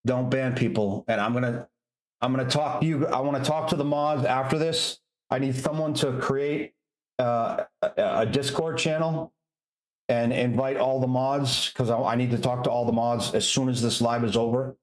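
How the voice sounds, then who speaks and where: A man hosting a casual livestream, reading out viewer messages and answering them in a halting way with many ums. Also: medium pitch, fairly even intonation, echoey room, rough recording. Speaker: livestream host reading chat.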